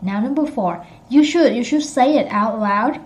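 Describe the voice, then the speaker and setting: A woman teaching an English pronunciation lesson, repeating phrases slowly and correcting herself as she goes. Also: a little high, poor audio.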